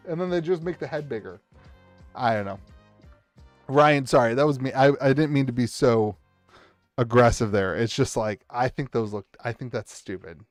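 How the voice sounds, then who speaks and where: A man live-streams himself opening card packs from a home setup at a table, excitably cheering and shouting over big pulls. He rambles and keeps restarting sentences, speaking at a medium pitch and moderate pace. Faint music plays behind him.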